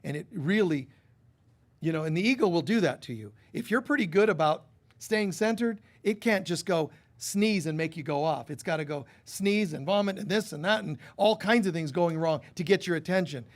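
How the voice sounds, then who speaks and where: Man, preacher, sermon, animated, higher voice, acts out quotes. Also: normal speed. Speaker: spiritual teacher. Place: church hall.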